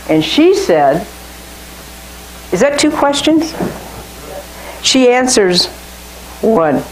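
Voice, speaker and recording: A woman's voice: fairly high pitch, very animated, drawn-out words, long pauses, roomy sound, a little hiss or hum, rough recording. A woman leading an informal Bible study, talking through scripture in a conversational way and often repeating and restarting phrases. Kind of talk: informal Bible teaching to a small group.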